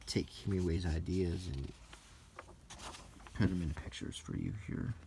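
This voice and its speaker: A man from the United States softly reading aloud from an old magazine and musing in asides, in a soft-spoken unintentional ASMR style. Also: deep voice, unhurried, vocal fry, slight background noise. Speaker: host flipping through an old magazine.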